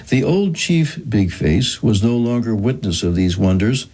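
A man reading a historical account aloud in a measured, solemn manner. His voice sits low and sounds husky and breathy. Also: sing-song, a little mellow. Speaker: narrator. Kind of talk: scripted narration of a historical account.

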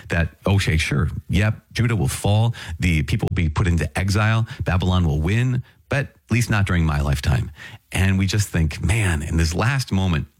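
Casual bible talk from a guy w a deep raspy voice, dry sound, chatty w little laughs. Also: no room sound. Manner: conversational, with light laughs and restarts. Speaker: pastor. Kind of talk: prayer and Bible reflection.

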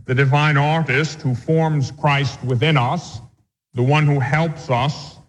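A man, a Catholic priest, giving a measured, patient catechism lecture with anecdotes. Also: mid-range voice, big-room sound, poor audio.

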